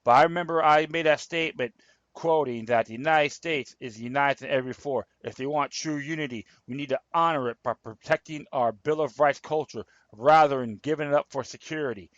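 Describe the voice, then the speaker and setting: A man's voice: a little high, a little fast, fairly bright tone, dry recording, muffled recording. A man hosting his own political commentary show, reading articles aloud and rambling, stumbling and repeating himself. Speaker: show host.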